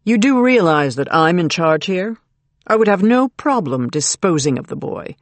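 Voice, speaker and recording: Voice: medium pitch, big pitch swings, moderate pace, no room sound. A narrator voicing a mocking kidnapper man. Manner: mocking, soft-spoken menace. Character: threatening male kidnapper, mocking and cold. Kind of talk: audiobook character reading.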